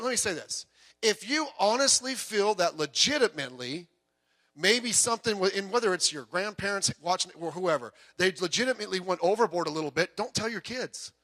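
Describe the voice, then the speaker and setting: A man's voice: high-pitched, pushed and bright. A man preaching a sermon in a church, talking conversationally with frequent asides and personal stories. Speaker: pastor. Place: church sanctuary. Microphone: PA microphone heard through speakers.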